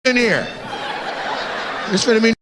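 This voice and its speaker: Brash, lively male stand-up comedian. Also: very high voice, measured pace. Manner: brash, profane, teasing. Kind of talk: crowd work stand-up. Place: live comedy venue with audience. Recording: live show with crowd and noise.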